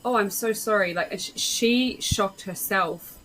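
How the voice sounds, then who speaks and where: A woman hosting a casual podcast conversation, frank and animated as she tells stories and acts out what people said. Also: mid-range voice, unhurried, a little hiss or hum, poor audio. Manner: warm, animated storyteller, frank, acts out quotes. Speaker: podcast host.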